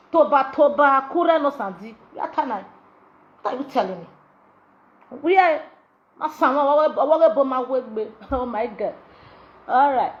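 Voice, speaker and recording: A woman with a Nigerian accent, a social media vlogger ranting in Pidgin, scolding and mocking with sing-song repetitions. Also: sits high. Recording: dull lo-fi audio.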